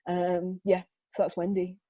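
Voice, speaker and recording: A woman, a photographer presenting her work in an interview, telling lively stories and acting out what people said to her. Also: fairly low pitch, measured pace, no room sound, muffled recording. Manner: lively storytelling, acts out quoted dialogue; frequent fillers and restarts. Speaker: photographer guest.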